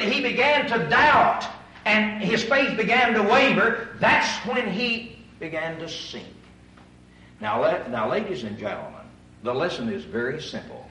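High, lively preacher in an echoey hall. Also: male voice, distant mic. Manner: animated, asks the audience rhetorical questions. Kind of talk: sermon. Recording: echoey room, voice from away from the mic.

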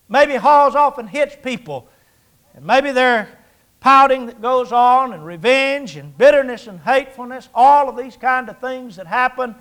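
A man's voice: very high-pitched, fairly bright tone. A man in his sixties preaching a sermon in a folksy, conversational way, with jokes and rhetorical questions. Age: 60s.

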